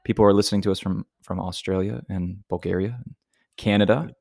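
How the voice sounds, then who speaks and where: A man's voice: sits low, fairly even intonation, quick pace, gravelly, a little mellow, no room sound, clean studio sound. A man from Alabama, co-hosting a podcast in a thoughtful, earnest, rambling way. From Southern Alabama, US. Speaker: podcast co-host. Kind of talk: casual podcast chat.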